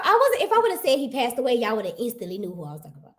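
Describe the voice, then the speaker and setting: A woman in casual livestream chat, animated and teasing, repeating herself for emphasis. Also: a little high, rapid-fire, few pauses.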